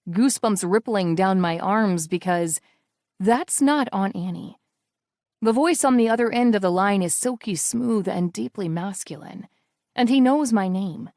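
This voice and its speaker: A woman narrates a first-person audiobook in a close, intimate, emotional way. Her pitch sits mid-range for a woman. The recording is dry, with no room sound. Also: lively intonation, unhurried, gravelly, a little mellow, dry recording.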